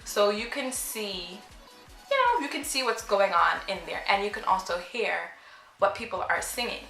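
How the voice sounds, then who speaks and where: Bright-voiced young woman telling a story. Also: mid-range voice, normal speed, creaky. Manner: chatty and animated, acts out the people she quotes. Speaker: vlogger. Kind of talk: casual storytime. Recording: roomy with faint background music.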